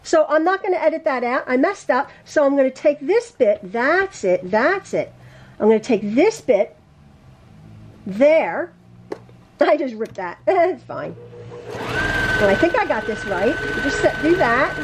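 A woman teaching a quilting lesson in her home sewing room, chatty and quick to laugh at and correct her own mistakes. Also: high voice, very animated, slight background noise. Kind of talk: casual sewing tutorial.

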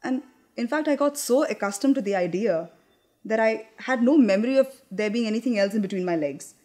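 A young actress performing a theatrical monologue in a candid, confiding, wry manner, with hesitant restarts. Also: female voice, a little high, lively intonation, fairly quick, warm tone.

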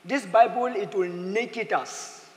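A man preaching a sermon as pastor, in a lively manner, slipping into playful acted quotes. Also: high-pitched, slow pace. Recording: echoey hall with faint ambience.

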